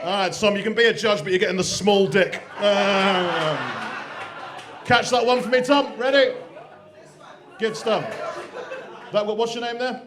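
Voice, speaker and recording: Hosting live stand-up at a comedy club, a man whose voice sits high talks a little slowly with long pauses, teasing the audience crudely. The echoey space carries background noise, loud crowd laughter and cheers.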